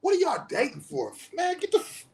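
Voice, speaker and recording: A man's voice: extremely high pitch, huge pitch swings, brisk, vocal fry. Fired-up man with AAVE speech. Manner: passionate, blunt, heavy swearing, rising to shouts. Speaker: spiritual teacher and counselor. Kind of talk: impassioned profane monologue.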